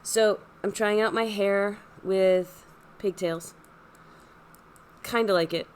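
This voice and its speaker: A middle-aged woman, hosting a casual chat while hoarse from a cold, with a husky, deep voice and a chatty, self-deprecating manner. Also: fairly even intonation, slow, slight background noise. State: hoarse, losing her voice from a cold. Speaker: podcast host, yarn shop owner.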